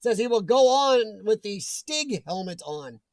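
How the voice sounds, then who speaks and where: A man's voice: high voice, big pitch swings, a little slow, vocal fry, no echo. A man hosting a casual livestream, reading viewer comments aloud, joking and laughing often. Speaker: livestream host reading chat. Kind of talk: casual chat.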